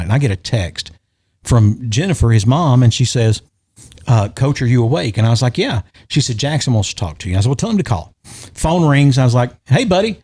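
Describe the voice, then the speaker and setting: A middle-aged man with a drawl tells a story in a relaxed podcast chat, at an ordinary middle pitch. He keeps it lively and jumps into the voices of the people in his tale. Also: husky. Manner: animated, acts out quoted voices. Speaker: podcast guest or host.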